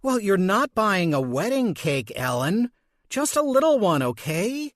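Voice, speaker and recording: A brusque young mother barks out orders in a sharp, raised voice, played by a male narrator. Her speech is snappish and grumbling, pitched well above the reader's plain tone. The recording is dry and close. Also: sing-song, measured pace, no echo. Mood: irritated. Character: short-tempered young mother, loud and sharp.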